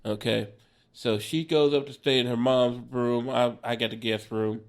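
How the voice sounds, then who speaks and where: A stand-up comedian in his forties tells a wild road story on a podcast, animated and profane, laughing as he goes. His pitch is medium and his speed normal.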